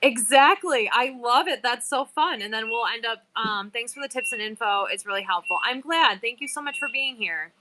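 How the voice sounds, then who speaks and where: A woman's voice: fairly high pitch, animated, normal speed, few pauses, noisy background. A woman hosting a casual live-selling stream, chatting with viewers and reading their bios aloud. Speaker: live-stream seller host. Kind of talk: casual livestream chat.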